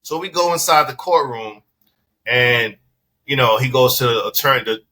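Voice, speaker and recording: A man's voice: medium pitch, moderate pace, bright, forceful tone, a little hiss or hum. A man from the Bronx, a business owner telling a story in a casual interview, acting out both sides of the exchanges and swearing freely. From the Bronx, New York. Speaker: dispensary owner, podcast guest.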